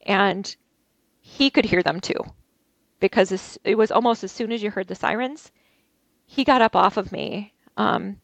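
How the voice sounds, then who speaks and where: A woman telling an interview host about a violent attack she survived, talking haltingly with many restarts. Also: medium pitch, gravelly, no echo. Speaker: interview guest. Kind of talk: recounting a personal ordeal. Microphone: video call.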